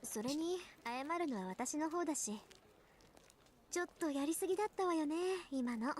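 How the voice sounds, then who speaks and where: A woman's voice: sits high, animated, fast, a little hiss or hum. An actress voicing a confident, slightly bossy teenage schoolgirl in a visual novel. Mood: apologetic. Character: confident proud teenage schoolgirl, a bit prim.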